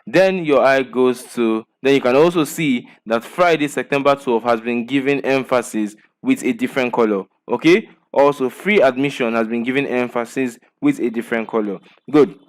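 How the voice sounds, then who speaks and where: A man's voice: medium pitch, moderate pace, few pauses. A man teaching a design lesson, walking through example designs point by point and checking in with "okay" and "right" after each point. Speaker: design instructor. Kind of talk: screen-share design lesson.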